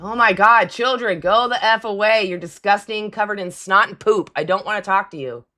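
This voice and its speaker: Brief: woman host, bright forceful tone, blunt and exasperated with callers. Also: mid-range voice, moderate pace. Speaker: livestream host taking callers. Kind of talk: live call-in debate stream.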